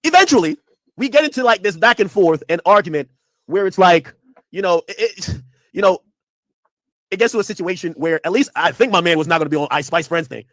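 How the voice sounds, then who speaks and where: A man's voice: high-pitched, a little fast, no room sound, clean studio sound. A man streaming casual commentary, telling a story in a loose, profane way and acting out the people in it. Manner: animated, profane, acts out quotes.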